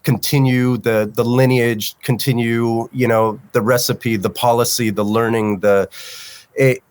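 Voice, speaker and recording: A man who teaches, talking as a guest on a casual podcast, searching for words and warming up with enthusiasm. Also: mid-range voice.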